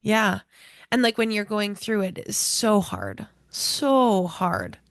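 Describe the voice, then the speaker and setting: Slow-talking woman host, dry close sound. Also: mid-range voice, very animated, vocal fry, dry recording. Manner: supportive listener, frequent "yeah" and soft laughs. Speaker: podcast host. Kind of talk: casual podcast interview.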